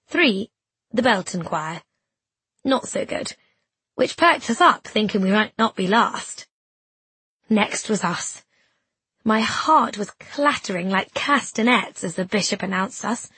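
Breathy, husky woman narrating a story. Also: medium pitch, no room sound. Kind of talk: scripted audiobook narration.

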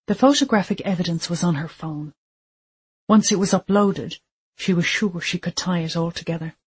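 A narrator reading a thriller audiobook in a steady, measured storytelling manner. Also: mid-range voice, slightly rough.

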